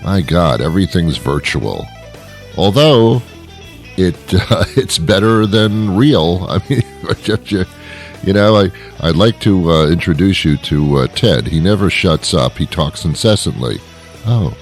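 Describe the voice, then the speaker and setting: A man's voice: low voice, lively intonation, a little slow, faint music behind. A man hosting a radio show, delivering a rambling comedic monologue with dry jokes and chuckles.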